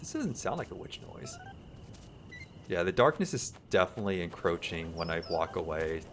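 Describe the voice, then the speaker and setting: A man's voice: low-pitched, sing-song, moderate pace, a bit bright, slight background noise. A man chatting casually with his viewers while streaming a horror game. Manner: chatty, greets chat, laughs easily. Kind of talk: casual livestream gameplay commentary. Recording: stream audio with game music.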